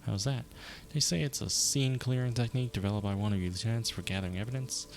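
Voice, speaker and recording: A composed police lieutenant speaks in a measured, politely formal way, low-pitched and gravelly, as a man reads him in his own voice. The tone stays dry and even. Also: soft background music.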